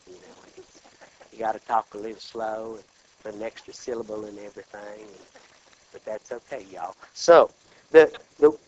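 A man's voice: high-pitched, no room sound, muffled recording. A man from Kansas preaching a sermon, often checking in with his listeners through rhetorical questions. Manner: animated, peppered with rhetorical check-ins.

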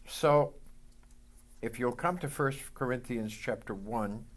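A male pastor delivers a sermon, leading the congregation in call-and-response lines and reading scripture in a slow, deliberate way. His voice is of medium pitch.

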